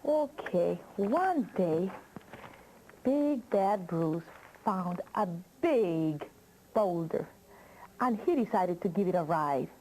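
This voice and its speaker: Slow-reading woman telling a children's story. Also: on the low side, animated, dark tone, slight background noise, low-quality recording. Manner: slow, drawn-out with questions to the listener.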